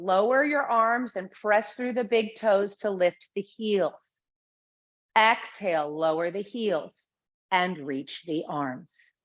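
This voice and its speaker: A woman teaching a chair exercise class, calmly and steadily cueing each breath and movement. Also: medium pitch. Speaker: Pilates instructor. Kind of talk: guided exercise class instruction. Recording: slightly dull lo-fi sound.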